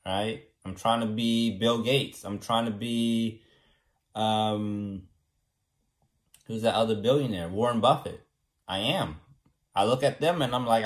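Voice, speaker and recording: A young man from California talking casually to the camera, rambling and self-assured and often tagging his points with a question. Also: medium pitch. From California, USA. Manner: rambling and self-assured, keeps asking "right?". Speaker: vlogger.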